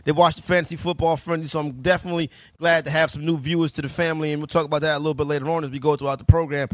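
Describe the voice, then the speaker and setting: A man's voice: fairly high pitch, little pitch movement, racing, fairly bright tone, dry recording. A man hosting a sports radio show, chatting casually in a loose, slangy way.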